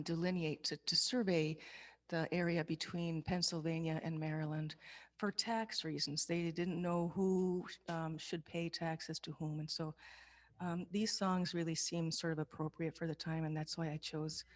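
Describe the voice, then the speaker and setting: A woman, a folk musician, chatting casually between songs at an online concert, soft-spoken and hesitant with many ums and restarts. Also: low-pitched, flat delivery, measured pace. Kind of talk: casual between-song chat at a virtual concert. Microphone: video call.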